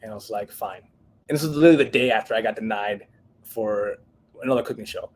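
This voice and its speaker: This man's voice sits on the low side, and he's a fast talker. He's a chef in his thirties appearing on a podcast, casually recounting a story and performing the voices of those he quotes with lively flair.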